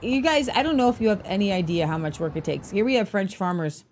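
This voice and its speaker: A woman's voice: medium pitch, expressive, quick pace, a little mellow, slight background noise. A woman co-hosting a casual news talk show, chatty and tripping over foreign place names. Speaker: co-host.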